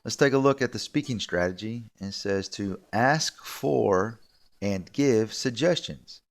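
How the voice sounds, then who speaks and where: A man with a lowish voice teaches an English video lesson. He explains in a relaxed, repetitive way, walking students through phrases step by step.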